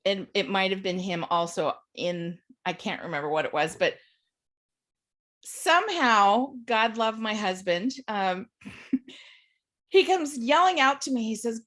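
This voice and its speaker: Lady on a zoom call telling funny stories, kinda high voice, laughs a lot. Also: moderate pace. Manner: chatty, animated, laughs while telling stories. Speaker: panel participant. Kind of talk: casual storytelling on a video call. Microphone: video call.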